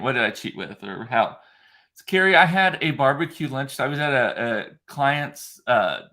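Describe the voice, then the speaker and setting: A man's voice: mid-range voice, a bit bright. A man from South Texas, talking casually to viewers in a rambling way, full of fillers and restarts, and stopping to answer their comments. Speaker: vlogger. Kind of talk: casual live-stream chat.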